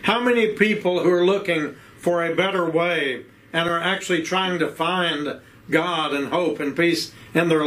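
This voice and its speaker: A man with an Appalachian accent preaching a sermon, with rhythmic repeated phrases and rhetorical questions, slowing down to stress key words. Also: fairly high pitch, fairly bright tone, poor audio.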